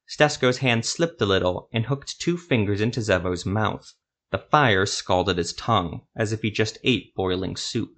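A man narrating a grim fantasy story in a steady, measured reading. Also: lowish voice.

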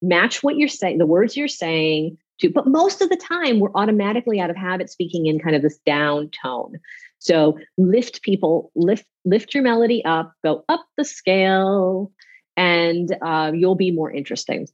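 A woman speaking as a public speaking coach in an off-the-cuff interview, animated and demonstrating with her voice. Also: on the low side, moderate pace, highs cut off.

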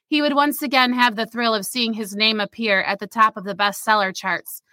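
Bright, expressive woman reading her story. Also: mid-range voice, dry recording. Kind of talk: reading a short story aloud, then casual chat.

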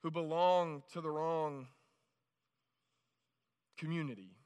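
This pastor's voice is on the high side, clear and resonant, a little mellow, and he takes his time. Preaching in a reverberant hall, he keeps it conversational, often restarting phrases and checking in with a "right?"

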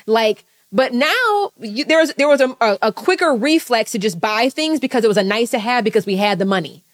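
A woman business coach giving a live talk to an audience, fast and emphatic, blunt, with casual swearing. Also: fairly high pitch, lively intonation.

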